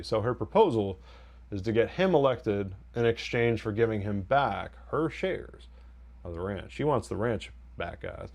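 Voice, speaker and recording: A man with a lowish voice talks through a TV episode in a loose, rambling recap. He gets wry about the plot and quotes the characters in quick mock voices. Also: expressive, a little mellow. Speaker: TV review podcast host. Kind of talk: casual spoiler recap and review.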